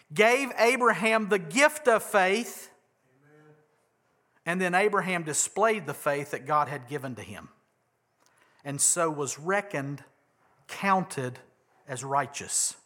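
A man delivers a sermon in a bright, high voice. He talks conversationally, tosses out rhetorical questions and punches key words for emphasis. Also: expressive, slow, pauses often. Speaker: pastor.

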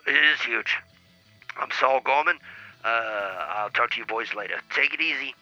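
A man's voice: mid-range voice, lively intonation, moderate pace, pushed and bright, no room sound, highs cut off, faint music behind. A man giving comedic football predictions with dramatic, hyped build-up. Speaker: sports picks caller.

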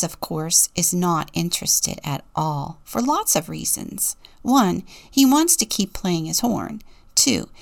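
A woman deacon gently reading a children's story aloud and asking the listener questions. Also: on the low side, gravelly.

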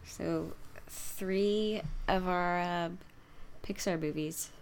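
A woman with a somewhat low voice chats on a podcast in a bubbly way and laughs often. She restarts her sentences as she thinks aloud. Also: steady tone, extremely slow, darkish tone. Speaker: podcast co-host. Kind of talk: casual chat.

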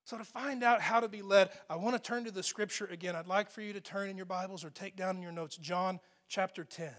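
Male pastor with a high voice, preaching in a church; conversational and emphatic, with asides to the listeners. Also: fairly even intonation, fairly quick, a bit bright. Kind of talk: sermon. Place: church sanctuary.

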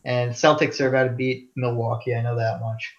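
A young man co-hosting a podcast, talking sports bluntly and quick to disagree, with stammered restarts. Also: mid-range voice, flat delivery. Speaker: podcast co-host. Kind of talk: casual sports chat. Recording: dull lo-fi audio.

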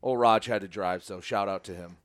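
A man's voice: on the low side, fairly even intonation, fairly quick, clean tone, no room sound, clean studio sound. A man co-hosting a casual sports podcast, chatting and laying out the show schedule. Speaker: podcast co-host.

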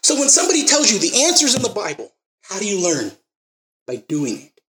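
A man's voice: sits high, huge pitch swings, a little fast, roomy sound, crowd noise, low-quality recording. A man preaching a sermon, telling stories and acting out the quotes, then pressing the listeners with emphatic rising questions.

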